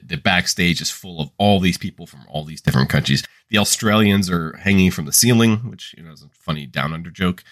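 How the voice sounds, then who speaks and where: Low-voiced man recapping wryly. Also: a little fast, few pauses. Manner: recapping, wry. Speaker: podcast co-host. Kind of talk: casual chat.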